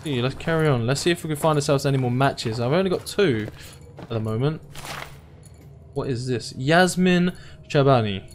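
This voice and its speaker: A man's voice: mid-range voice, normal speed, slight background noise. A young man, commentating casually while playing a video game, chatty and playful. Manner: chatty, reacting aloud, playful. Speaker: gaming YouTuber. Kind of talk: let's play commentary.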